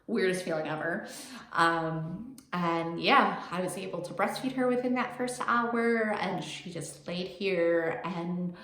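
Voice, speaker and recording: A young woman vlogger tells a personal story in a casual, chatty, emotional way, filling her speech with "like." Her voice is fairly low and a bit bright, her pace slow, and the room sounds echoey.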